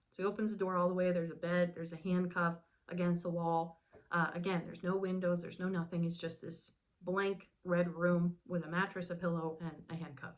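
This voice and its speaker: A woman's voice: lowish voice, flat delivery, normal speed. A woman hosting a movie review, retelling the plot in a casual, chatty way and acting out the characters' lines. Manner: chatty retelling, many "like" fillers, acts out lines. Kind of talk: casual spoken movie recap.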